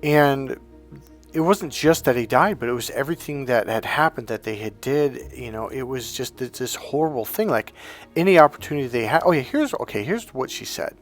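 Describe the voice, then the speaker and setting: A middle-aged man, a life coach, telling a painful personal story in a halting, emotional way, often restarting his words. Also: mid-range voice, animated, faint music behind.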